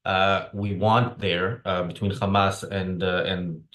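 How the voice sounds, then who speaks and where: A jet-lagged man co-hosting a casual political discussion, speaking haltingly and restarting often. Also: low voice, level tone, a bit bright. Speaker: podcast co-host. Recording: roomy echo.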